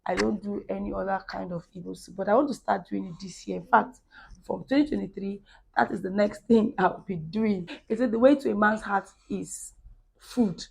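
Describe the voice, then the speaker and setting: Nigerian woman with a worn, gravelly voice. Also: medium pitch, steady tone, normal speed, a little mellow. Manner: chatty and rambling, talks straight to viewers. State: voice worn down after illness. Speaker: cooking vlogger. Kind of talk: casual cooking vlog chat.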